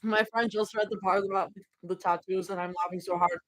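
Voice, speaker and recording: A woman's voice: mid-range voice, fairly even intonation, brisk, fairly bright tone, no echo, rough recording. Young woman streamer, casual live reader, giggly and chatty, keeps drifting off topic, close dry sound. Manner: giggly, chatty, easily sidetracked. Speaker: streamer reading fan fiction live. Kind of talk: casual live reading and chat.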